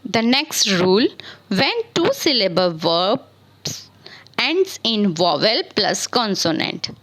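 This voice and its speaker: A woman's voice: mid-range voice, sing-song, slow, fairly bright tone, poor audio. A woman teaching English grammar in a screen-recorded lesson. She spells words out letter by letter and asks questions that she answers herself. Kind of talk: slow spelling lesson on verbs.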